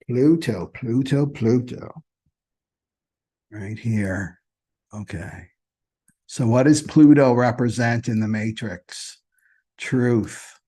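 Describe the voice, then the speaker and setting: A man's voice: medium pitch, mellow. Man teaching casually, keeps asking "right?". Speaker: astrology channel host. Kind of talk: casual spiritual teaching monologue.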